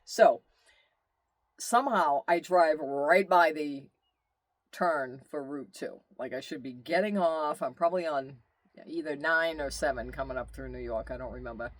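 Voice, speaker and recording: A fairly high-voiced man tells a long road story in a loose, rambling way, full of asides and quoted exclamations. He sounds worn out. The recording is dry and close, with no room sound. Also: measured pace, dry recording. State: tired. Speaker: vlogger telling his travel story. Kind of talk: casual storytelling monologue.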